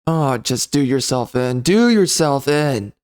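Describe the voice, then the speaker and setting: A man delivering a loud, sneering, profane comedy rant as a game reviewer. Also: mid-range voice, lively intonation, measured pace, clear, resonant tone. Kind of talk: ranting comedy commentary.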